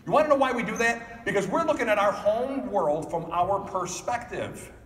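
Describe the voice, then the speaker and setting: Animated man speaking in an echoey hall. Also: high voice, far from the mic, slight background noise. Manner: animated, acts out family members in quick voices. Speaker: keynote speaker. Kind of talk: motivational keynote speech. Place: large hall.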